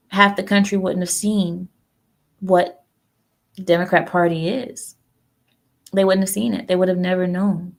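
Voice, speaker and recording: A woman's voice: lowish voice, gravelly, darkish tone. A woman hosting a livestream, chatting casually and rambling through her opinions while talking back to her viewers. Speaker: livestream host. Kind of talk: casual political chat with viewers.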